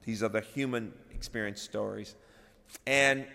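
A middle-aged man giving a dedication speech, telling a personal story and moving from hushed to loud and animated. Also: medium pitch, moderate pace. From Birmingham, Alabama. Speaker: college president, plenary speaker. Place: large chapel. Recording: long hall reverb.

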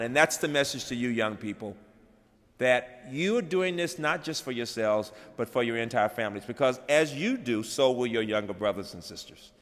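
A man's voice: medium pitch, normal speed. Middle-aged man speaking in a reverberant chapel. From Birmingham, Alabama. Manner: storytelling, swings from hushed to loud and animated. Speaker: college president, plenary speaker. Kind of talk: dedication speech in a chapel. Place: large chapel. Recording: long hall reverb.

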